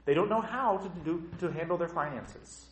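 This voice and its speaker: With a fairly high voice at a normal pace, a man preaches as pastor, blunt and animated, mimicking the skeptical voices of troubled congregants and questioning the room. Church reverb echoes around him, with slight background noise.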